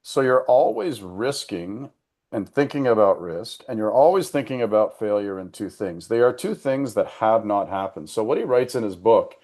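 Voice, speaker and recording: A man giving a casual, earnest talk to a business group, often slowing down to stress a point. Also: lowish voice, sing-song, a little mellow. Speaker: member giving an education segment.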